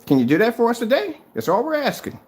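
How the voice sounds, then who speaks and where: A man's voice: wildly swooping pitch, fast, a little mellow. A man in his fifties talking straight at a rival in a confrontational home vlog, taunting and repeating his challenge over and over. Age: 50s. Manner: taunting and repetitive, pitch jumping up on challenges. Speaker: DIY projector screen paint vlogger. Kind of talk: confrontational video rebuttal. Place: at home, showing his screen.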